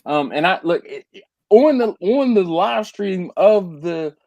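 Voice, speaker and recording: A man's voice: high voice, measured pace, no room sound, dull audio. A man hosting a barbecue channel, chatting casually on a live stream and rambling with restarts. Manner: animated, rambling, with repeated restarts.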